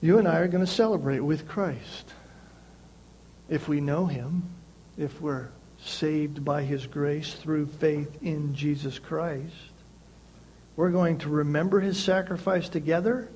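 High-pitched pastor guy preaching, hammers phrases over and over, loud then soft, faint hum behind. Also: fairly even intonation, takes it slowly, rough recording. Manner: emphatic, repeats key phrases, swings between loud and soft. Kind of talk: sermon.

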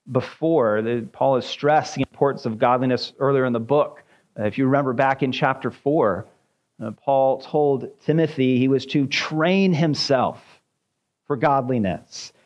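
A male pastor delivering a careful, verse-by-verse sermon. He speaks at a middling pitch and in a measured teaching manner, often pausing on fillers as he explains. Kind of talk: expository sermon.

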